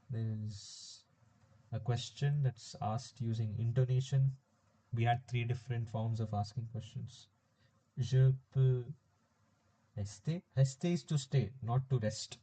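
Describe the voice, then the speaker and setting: A man walks through a French lesson at an easy, unhurried pace, pausing with fillers as he explains. His voice is soft and mellow with a slightly husky grain. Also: medium pitch. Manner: relaxed, explaining step by step with frequent fillers. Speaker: French tutor. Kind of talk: informal recorded language lesson.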